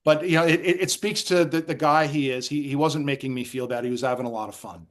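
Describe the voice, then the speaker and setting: A middle-aged New Jersey native, guesting on a casual interview, speaks quickly with a medium pitch. His anecdotes are animated, with acted-out quotes and frequent restarts.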